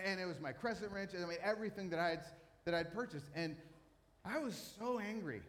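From a church stage, a male pastor with a slightly high voice preaches a sermon full of animated storytelling and self-mocking humor. The long reverb of a large hall rings through the sound.

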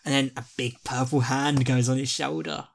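A man's voice: mid-range voice, flat delivery, normal speed, vocal fry, slight background noise. A man co-hosting a podcast, chatting casually and animatedly, swearing and acting out quotes from characters. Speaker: podcast co-host. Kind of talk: casual chat.

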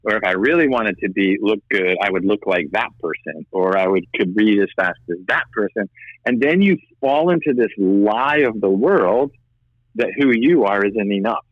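A man, guest in an interview, telling his own story earnestly with halting restarts and repeated words. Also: on the low side, expressive, no room sound. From United States. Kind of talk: personal testimony in conversation. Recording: slightly dull, dry audio.

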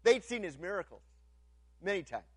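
A man with a notably high voice preaches a sermon to his congregation. He stumbles over repeated words as he restarts, then swings from loud, lifted passages down to near-hushed lines. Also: sing-song, moderate pace, breathy edge, dry recording. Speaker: pastor.

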